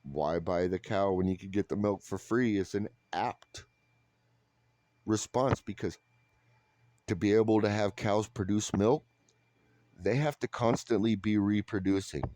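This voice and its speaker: Blunt, profane man with a low, dark voice. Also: unhurried, long pauses, no room sound. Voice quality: flat, unhappy-sounding delivery. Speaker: vlogger. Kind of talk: ranting monologue to camera.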